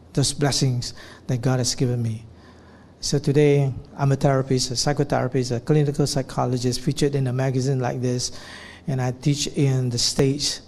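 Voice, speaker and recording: A man's voice: medium pitch, darkish tone. A man preaching a sermon, telling stories and acting out quotes along the way. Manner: storytelling sermon with acted quotes. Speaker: pastor.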